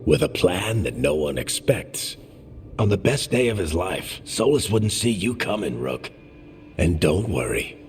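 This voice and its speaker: A wry male dwarf storyteller in a video game, dry and teasing yet fond toward his friend. The voice sits very low and moves through a lively, wide pitch range. His delivery is easy and conversational. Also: a little slow, faint music behind. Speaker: companion character.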